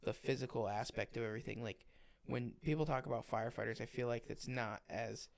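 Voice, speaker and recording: A man's voice: medium pitch, fairly even intonation, fairly quick, vocal fry. A young man co-hosting a casual podcast, talking bluntly, swearing freely and using many fillers. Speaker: podcast co-host, firefighter.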